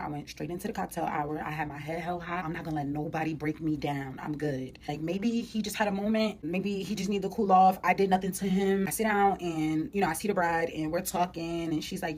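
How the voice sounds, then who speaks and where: A woman's voice: sits low, fairly even intonation, fast talker, slight background noise. A woman vlogger telling a personal story in casual, emotional slang. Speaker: commentary vlogger. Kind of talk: storytime vlog.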